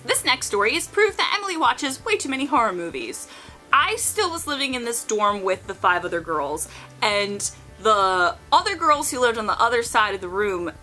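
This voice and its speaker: High, lively young woman vlogger. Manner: animated, profane, acts out quotes in shifting voices. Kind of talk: casual storytelling.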